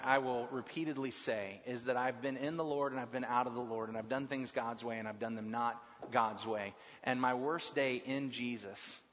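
A man leading a group Bible class, asking questions and talking with lively swings in his voice. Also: mid-range voice. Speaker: Bible study leader. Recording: long reverb, dull lo-fi sound.

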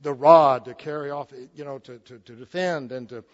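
This sixty-something preacher has a mid-range voice with fairly even intonation and a moderate pace, captured on a muffled recording. His sermon is folksy and full of jokes, with frequent restarts.

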